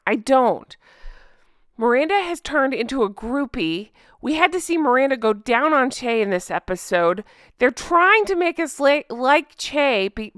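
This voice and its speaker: A woman's voice: on the high side, fairly bright tone, clean tone, no echo. A woman hosting a TV recap, ranting in an exasperated, profane and emphatic way into a close microphone. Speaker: host.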